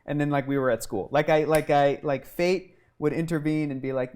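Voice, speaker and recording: A man telling a long childhood story as an interview guest, animated and swearing often, acting out what people said. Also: fairly high pitch, a little fast. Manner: animated and profane, acting out quotes.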